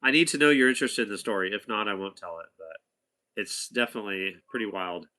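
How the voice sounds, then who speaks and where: A man's voice: on the low side, fast talker, sharp tone. A man casually telling a rambling anecdote to a companion, chatty, with asides and restarts. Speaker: storyteller talking to a companion.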